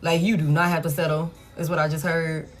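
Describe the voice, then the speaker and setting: A woman's voice: deep voice, level tone, fairly quick. A woman giving a casual live tarot reading, blunt and frank, swearing freely and repeating herself for emphasis. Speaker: tarot reader.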